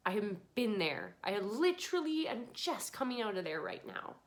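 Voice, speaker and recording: A woman's voice: mid-range voice, animated, normal speed, few pauses. A woman hosting a podcast, tearful and earnest, giving a pleading motivational monologue. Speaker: podcast host.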